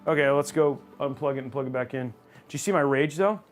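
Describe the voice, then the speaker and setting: A man hosting a live stream while building a gaming PC, chatting casually with viewers and breaking into loud mock-rage outbursts. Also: mid-range voice, fast, faint music behind. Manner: excitable, reads chat aloud, loud outbursts of mock rage. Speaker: livestream host building a gaming PC.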